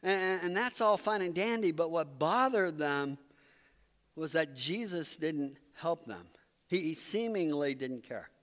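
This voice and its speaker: A man's voice: on the high side, expressive, unhurried, a bit bright. A man preaching a sermon as pastor, telling the story in a conversational, earnest way. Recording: long reverb from a hall.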